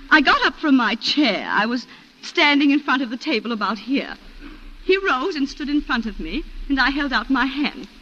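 A woman's voice: high voice, sharp tone, full character voice. A woman in 1940s radio acting, playing a genteel planter's wife who recounts a shooting in a refined, emotional way, on a lo-fi old radio broadcast.

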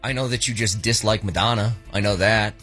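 A man hosting a casual sports talk show, animated and swooping in pitch when excited. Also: fairly quick, soft background music.

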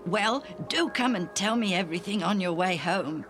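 A woman voicing a kind, grateful man who speaks slowly and earnestly, over background music. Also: medium pitch, lively intonation, pitched above the performer's own voice, natural voice. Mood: reassuring. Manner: slow, earnest, gently chuckling. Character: kindly, cheerful man, healed and grateful. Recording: music playing underneath.

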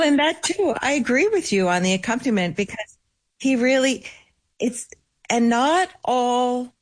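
A woman being interviewed about a musician's legacy, telling stories in a lively way and acting out the voices of people she quotes. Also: a little high. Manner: lively storyteller who acts out quoted voices. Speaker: guest, keeper of a late pianist's legacy. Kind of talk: conversational interview answers.

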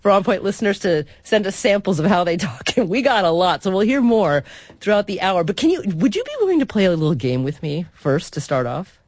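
Expressive woman hosting a radio talk show. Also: mid-range voice, brisk, dry recording. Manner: articulate, expressive delivery. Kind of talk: scripted radio introduction and interview. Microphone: studio microphone.

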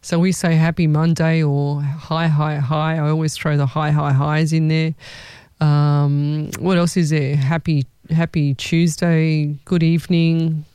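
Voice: medium pitch, flat delivery, measured pace, dark tone, smooth, no room sound. A host giving a chatty, rambling live psychic reading, often restarting sentences.

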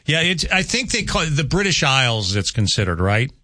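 A man's voice: medium pitch, very animated, fairly quick, pushed and bright, dry recording. A man hosting a local radio talk show, chatting casually with callers in a rambling, self-correcting way. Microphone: studio microphone.

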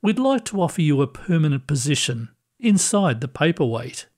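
A man voicing a kindly ghostly librarian who speaks gently and reassuringly, with quiet amusement. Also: a little high, very animated, normal speed. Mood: gentle.

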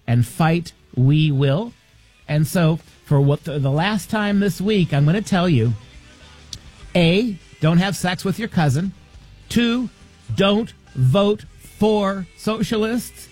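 Slow, mocking political commentator. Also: medium pitch, lively intonation, darkish tone, dry recording, faint music behind. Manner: mocking, rhetorical and combative. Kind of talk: opinion monologue.

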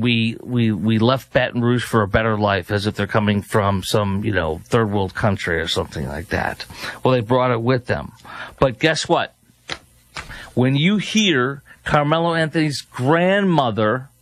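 A man's voice: medium pitch, fairly bright tone. A man hosting a commentary show, scornful and sarcastic as he reacts to clips. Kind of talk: opinionated news commentary.

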